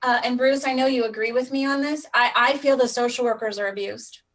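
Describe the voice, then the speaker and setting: A woman hosting a casual live stream, with a voice that sits a touch higher than most. She speaks earnestly and from the heart, addressing her viewers directly. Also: fairly even intonation, brisk, fairly bright tone. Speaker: live stream host on foster care.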